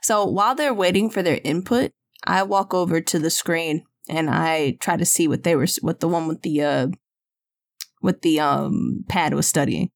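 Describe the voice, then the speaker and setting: A woman playing a tabletop role-playing game, thinking aloud with laughs and halting restarts. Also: low-pitched, vocal fry. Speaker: player. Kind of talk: casual tabletop role-play chat.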